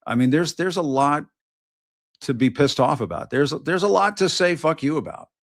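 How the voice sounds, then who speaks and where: A middle-aged man hosting his own news show, delivering an impassioned, emphatic political monologue full of repetition and profanity, with halting restarts. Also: fairly high pitch, lively intonation, no echo, clean studio sound. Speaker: host of an independent news show.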